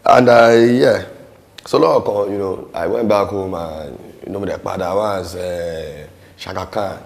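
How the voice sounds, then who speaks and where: A Nigerian man with a very low voice speaks in a laid-back interview. He talks loosely, stopping often on fillers and slipping into Yoruba. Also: measured pace, vocal fry. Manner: relaxed, many "you know" fillers, mixes in Yoruba. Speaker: musician and actor interviewee. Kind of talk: casual interview.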